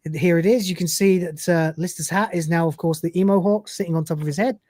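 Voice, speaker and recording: A man's voice: a little high, fairly even intonation, fast talker, a little mellow, no room sound. A man hosting a live show, narrating scenes and reading lines aloud, with fillers. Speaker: podcast host. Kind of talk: live episode recap chat.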